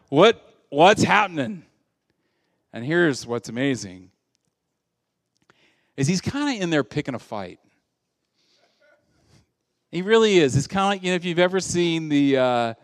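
A man's voice: on the high side, a little slow, long pauses, dry recording, clean studio sound, in a large hall. A male pastor preaching a sermon, telling stories with humor and acting out the voices of the people in them. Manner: animated storytelling, acts out quoted voices; humorous, self-deprecating asides.

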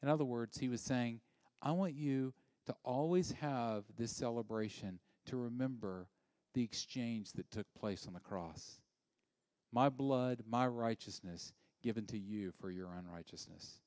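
A male pastor preaches with animated energy and sometimes drops to a hushed near-whisper to make a point. His voice sits at an ordinary middle pitch for a man. The recording is dry and close, with little room sound. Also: unhurried, no echo. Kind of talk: sermon.

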